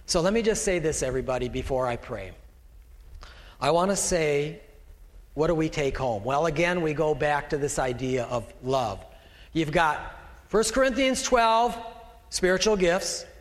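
A man's voice: on the high side, expressive, a little slow, long reverb tail. A middle-aged male pastor preaching a conversational sermon from the pulpit, with folksy asides to the congregation and the slide operator. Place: church sanctuary, speaking from a raised pulpit.

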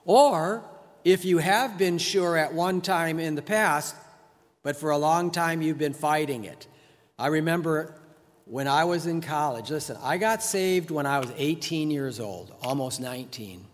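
A middle-aged man preaching a sermon to a congregation, talking in a loose conversational way and chuckling between points. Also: on the high side. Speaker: pastor. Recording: long hall reverb.

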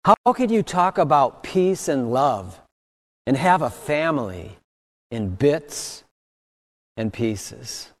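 Man in the pulpit, unhurried earnest preaching that swells on key points, reverberant hall sound. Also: medium pitch, very animated. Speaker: pastor. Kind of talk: sermon.

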